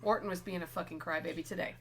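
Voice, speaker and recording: A young woman co-hosting a casual wrestling chat, teasing with quick interjections. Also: fairly low pitch, steady tone. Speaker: guest co-host.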